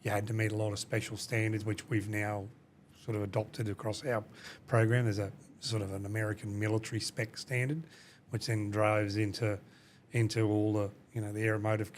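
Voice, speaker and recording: A man with a fairly low voice talks through a long explanation in a relaxed interview. He restarts often and leans on "you know" as he goes. A faint background noise sits under the recording. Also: brisk. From Australia. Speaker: company CEO, guest. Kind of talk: casual podcast interview.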